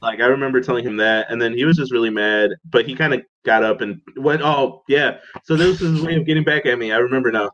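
A man's voice: mid-range voice, fast talker, few pauses, muffled recording. A young man casually telling a story as a podcast co-host, acting out the people he quotes in a raised voice. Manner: animated, acts out quotes in a raised voice.

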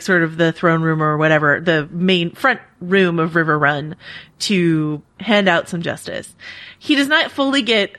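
A woman's voice: on the low side, pushed and bright. A woman hosting a podcast in casual chat, enthusiastic and gushing. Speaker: podcast host.

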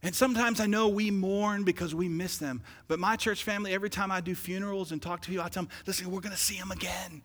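A man's voice: high voice, steady tone, fast talker, hardly any pauses. Man preaching in a reverberant hall. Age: 40s. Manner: swings from loud urgent calls to quiet intimate asides. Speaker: pastor. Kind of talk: sermon. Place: large church hall.

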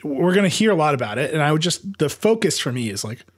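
A man hosting a tech news podcast, talking fast in casual chat, laughing often and restarting his sentences. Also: fairly high pitch, sing-song. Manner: fast, laughing, thinks aloud with many restarts. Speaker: podcast host.

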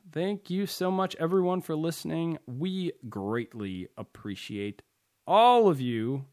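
A man's voice: mid-range voice, very animated, unhurried, smooth. A man hosting a podcast, chatting casually, rambling loosely and chuckling often. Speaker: podcast host. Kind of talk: casual podcast sign-off chat.

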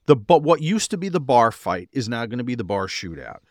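A man's voice: medium pitch, big pitch swings, fairly quick, darkish tone, no room sound, studio quality. A man co-hosting a podcast who talks emphatically, pressing his argument in casual chat. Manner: emphatic, argues his point hard. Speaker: podcast co-host. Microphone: podcast microphone.

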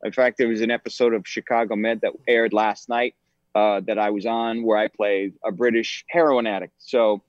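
A man's voice: lowish voice, fairly even intonation, moderate pace, no echo. A man in his forties talking as an actor and podcast guest in a casual interview, thoughtful, with many ums and restarts. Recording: dull, slightly lo-fi sound.

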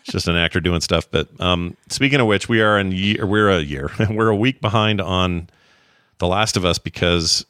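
A man's voice: low voice, normal speed, clean tone, no room sound, studio quality. A middle-aged man co-hosting a podcast in casual chat, joking and telling rambling stories. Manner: jokey, rambling, animated storytelling. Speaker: podcast co-host.

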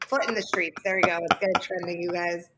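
A woman's voice: fairly low pitch, level tone, fast talker, bright, forceful tone. A woman co-hosting a casual sports podcast, chatty, filling her talk with "like" and "right?". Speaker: podcast co-host.

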